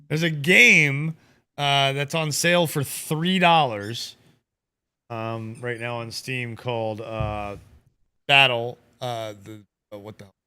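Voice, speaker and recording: A man's voice: medium pitch, takes it slowly, pauses often, pushed and bright, clear, resonant tone. A man hosting a casual watch-party chat with friends, rambling and laughing often. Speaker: host.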